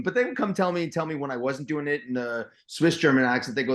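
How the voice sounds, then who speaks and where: A man's voice: mid-range voice, fast talker, few pauses, a bit bright. Enthusiastic rambling man. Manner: enthusiastic, rambling with many restarts. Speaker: actor guest. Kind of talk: casual interview chat.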